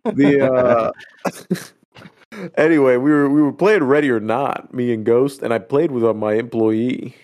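A man co-hosting a podcast in casual chat, rambling and excitable, swearing often. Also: mid-range voice, measured pace. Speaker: podcast co-host.

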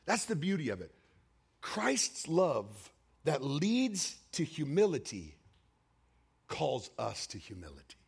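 A man preaching a sermon, telling a personal story with emotional swings between raised cries and hushed, quiet passages. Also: wildly swooping pitch, slow pace, creaky, husky. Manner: emotional storytelling with sweeping highs and hushed lows.

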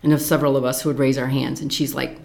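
An older woman, a former Marine, telling stories from her service in an animated, laughing conversational way. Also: extremely low pitch, fast talker, creaky, roomy sound. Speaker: veteran telling her story. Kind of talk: casual storytelling chat.

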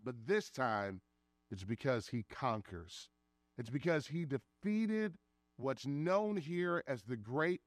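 A man's voice: on the high side, no echo. Earnest man preaching a sermon. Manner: earnest preaching, slows for emphasis. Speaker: pastor. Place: church sanctuary.

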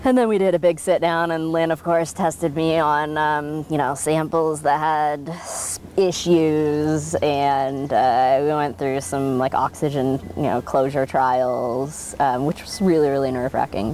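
A woman in her thirties from Oregon, telling stories in an oral history interview, animated, with frequent laughs and fillers. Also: sits low, unhurried, few pauses, a little hiss or hum. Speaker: interviewee, winemaker.

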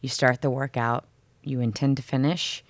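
A woman with a low, grounded voice talks frankly in a casual coaching conversation, swearing now and then and acting out the doubting voices of a hard workout. The sound is close and dry, with no room around it. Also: steady tone, moderate pace, dry recording. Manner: frank and profane, acts out inner voices. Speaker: podcast co-host.

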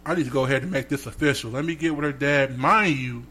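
A podcast co-host with a medium-pitched voice tells a story casually and quickly, animatedly acting out the voices of the people in it.

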